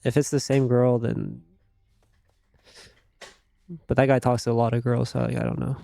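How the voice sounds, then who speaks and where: A man's voice: mid-range voice, level tone, normal speed, vocal fry, mellow. A man live-streaming a game, chatting casually and crudely with his audience in a rambling way. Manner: rambling, crude, laughs easily.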